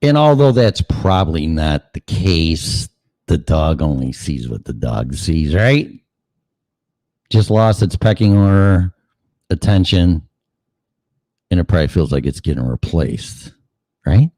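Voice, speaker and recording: A man's voice: deep voice, animated, unhurried, pauses often, warm tone, dry recording. A man hosting a show in a casual, rambling monologue, cursing freely and asking rhetorical questions. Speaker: show host.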